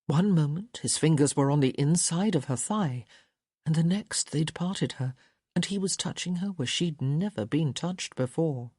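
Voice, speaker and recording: A woman reading a romance audiobook in a slow, soft, intimate manner. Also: low-pitched, expressive, slightly rough, no echo, clean studio sound. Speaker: audiobook narrator. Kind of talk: scripted romance audiobook narration.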